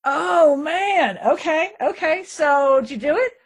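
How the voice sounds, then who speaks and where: A woman's voice: sits high, lively intonation, slow. A woman interviewing a guest with brief, encouraging prompts.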